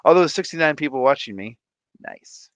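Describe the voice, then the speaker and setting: A man's voice: on the high side, lively intonation, a little fast, a bit bright, dry recording. A man in his thirties hosting a casual live stream, playful and sing-song as he greets viewers by name, sounding tired. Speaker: livestream host.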